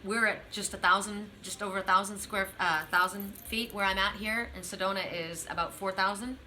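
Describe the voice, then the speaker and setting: Bright-voiced woman giving a card reading. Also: mid-range voice, fairly even intonation, a little fast, slight background noise, poor audio. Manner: earnest, repetitive, affirming, addresses the listener directly. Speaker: oracle card reader. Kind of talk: spiritual card reading to viewers.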